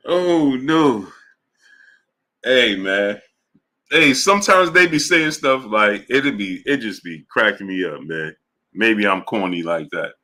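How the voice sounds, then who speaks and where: A young man hosting a casual sports talk stream, animated and slangy, often breaking into laughter and repeating himself. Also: lowish voice, measured pace. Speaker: sports show host. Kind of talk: casual livestream chat.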